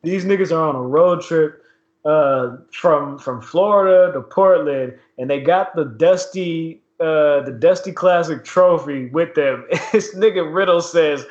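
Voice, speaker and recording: Laughing and slangy, a podcast co-host gives a lively, casual wrestling recap. He speaks a little slowly in a voice on the high side, captured in an echoey room with dull lo-fi quality.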